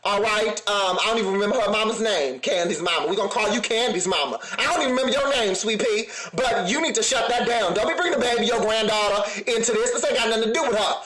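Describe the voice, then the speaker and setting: High-voiced sassy man in an echoey room. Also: quick pace, hardly any pauses, crowd noise. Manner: laughing, sassy, talks straight to viewers. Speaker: reality TV reviewer. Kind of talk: casual sassy commentary.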